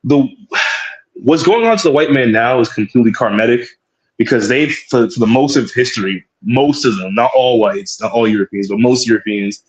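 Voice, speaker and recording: A man co-hosting a casual podcast, speaking in a rambling, relaxed, slangy way. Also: mid-range voice, normal speed, a little hiss or hum, low-quality recording. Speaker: podcast co-host. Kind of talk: casual chat.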